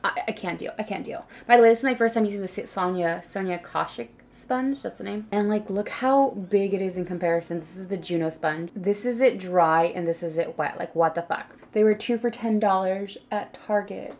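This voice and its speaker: A woman's voice: medium pitch, fairly quick, hardly any pauses, darkish tone. A young woman chatting casually through a makeup tutorial, rambling and saying "like" a lot. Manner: chatty, rambling, says "like" often. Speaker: beauty vlogger.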